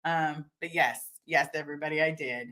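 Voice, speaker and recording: A young woman chats through a home livestream and answers her viewers' comments as they come in. She speaks candidly and informally, restarting sentences and filling pauses as she goes, and now and then she swears. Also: low-pitched, steady tone, fairly bright tone. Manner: candid and chatty, swearing, many fillers and restarts. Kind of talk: casual livestream chat.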